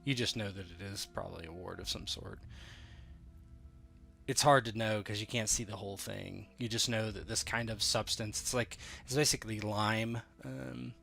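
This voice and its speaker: A man narrating as game master of a tabletop game. His narration is unhurried and explanatory. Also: fairly low pitch, fairly even intonation, vocal fry, sharp tone.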